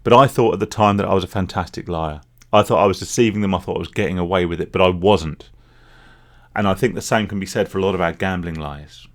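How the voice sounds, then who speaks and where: A man's voice: low-pitched, fast talker. A man speaking candidly in a rambling, confessional solo vlog about his past as a gambling addict. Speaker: vlogger, former gambling addict. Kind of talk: reflective solo vlog monologue.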